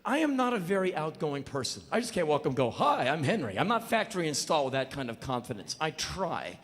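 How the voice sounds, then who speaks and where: A man performing a live spoken word monologue, telling a story in an intense, animated and profane way, often mocking himself. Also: fairly high pitch, fast. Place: stage in a large venue. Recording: echoey live hall with faint noise.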